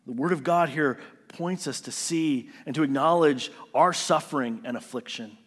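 A male pastor preaching a sermon, earnest and emotional, often restarting his sentences and moving between hushed and raised delivery. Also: fairly high pitch, normal speed, long reverb tail. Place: living room during lockdown, then church setting.

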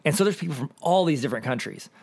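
A man's voice: on the high side, lively intonation, very fast, vocal fry, a little mellow, husky. A young man co-hosting a podcast, chatting casually and telling rambling, joking stories. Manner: joking, rambling storyteller with laughs. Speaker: podcast co-host.

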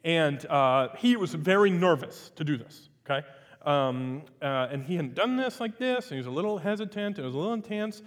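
A male pastor whose voice sits a little high. He delivers a sermon, at times like a chat and at times loud and emphatic. The sound rings through a hall with a long reverb. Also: expressive, a little fast. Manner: conversational storytelling, rising to loud emphatic preaching. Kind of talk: sermon with a personal story.

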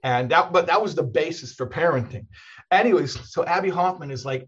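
A man's voice: on the high side, lively intonation, brisk, husky, highs cut off. A man, a rabbi, talking casually in a conversation, telling stories in a rambling way with many restarts and laughs.

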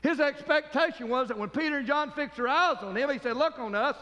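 A man's voice: very high-pitched, a little fast, bright, forceful tone, in a large hall. A man preaching a fervent sermon as pastor, calling for amens from the congregation.

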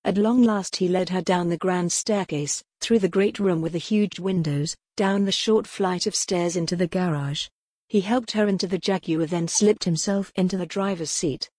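A woman narrating an audiobook in a measured, even reading. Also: fairly low pitch, dry recording. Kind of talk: scripted narration.

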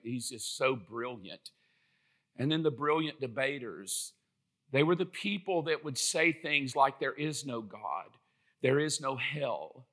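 A man's voice: medium pitch, pushed and bright. A man from South Georgia with a Southern American accent, preaching a sermon and telling stories, acting out the voices he quotes. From South Georgia, USA. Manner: storytelling, acts out quoted voices. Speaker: pastor.

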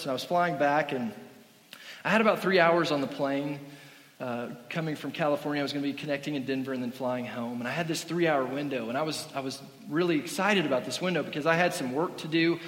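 A male pastor delivering a sermon as animated, self-deprecating stories, with a slightly high voice. The sound echoes through a large church hall with a long reverb tail. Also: a little fast. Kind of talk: sermon with comic storytelling.

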